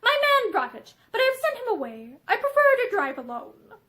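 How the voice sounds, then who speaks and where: A woman's voice: very high voice, very animated, a little fast, pushed and bright, voice pushed up, heavily acted. A woman reading aloud and voicing a stern, hard man who speaks in a level, clipped way. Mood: reserved. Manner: level, clipped, coldly earnest.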